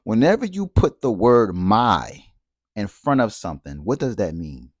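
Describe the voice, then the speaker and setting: Low-voiced man musing aloud. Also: very animated, a little slow, breathy edge, no echo, clean studio sound. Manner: conversational, asks rhetorical questions and checks in with "right?"; repeats phrases for emphasis. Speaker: speaker on relationships and spirituality. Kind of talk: reflective spoken monologue.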